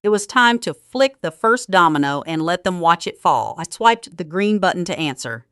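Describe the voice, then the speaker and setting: Calm, cutting woman narrating a story. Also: fairly low pitch, moderate pace, no echo, studio quality. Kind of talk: first-person story narration.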